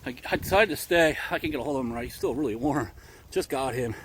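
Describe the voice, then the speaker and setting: A man's voice: mid-range voice, fast, background noise. A man out of breath, rambling and repeating himself as he narrates a hunt to the camera outdoors in thick brush in the rain. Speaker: hunting vlogger.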